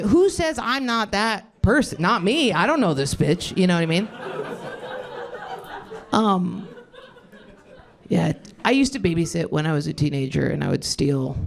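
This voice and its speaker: Gravelly, rambling woman doing stand-up. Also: on the high side. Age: 30s. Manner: rambling, self-interrupting, laughing at her own jokes. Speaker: stand-up comedian. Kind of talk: crowd-work stand-up comedy. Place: comedy club stage.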